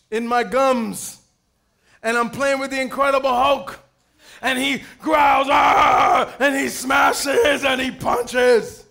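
High-voiced, bright pastor preaching. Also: male voice. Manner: lively, playful storytelling with calls for amen. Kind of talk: sermon.

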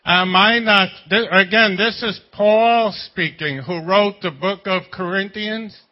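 A man's voice: sits high, a little slow, muffled recording. A man preaching a sermon as pastor, talking in a conversational way with jokes and rhetorical questions.

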